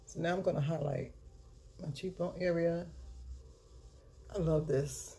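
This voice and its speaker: A woman talking casually through a makeup tutorial, chatty and unhurried, now and then chanting a catchphrase. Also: fairly low pitch, steady tone, warm tone. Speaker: beauty vlogger.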